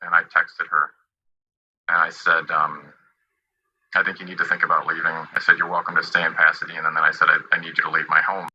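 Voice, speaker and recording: A low-voiced man with a husky, strained edge, telling his side of a dispute. He halts and restarts, quoting past exchanges. The sound is dull and lo-fi. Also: level tone, bright, forceful tone. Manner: halting, quoting past talks. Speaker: party in a dispute. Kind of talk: personal account.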